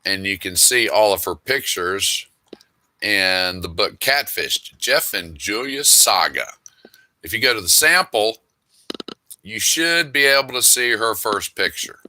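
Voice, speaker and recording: A man's voice: fairly low pitch, animated, a little slow, sharp tone, slight background noise. A middle-aged man in a casual monologue, reading emails aloud with wry, exasperated asides. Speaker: author.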